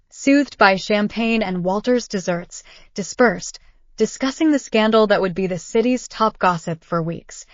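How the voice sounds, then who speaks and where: An older woman reading a scripted first-person story in a measured, steady way. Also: mid-range voice, dry recording. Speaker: narrator. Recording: dull dry lo-fi audio.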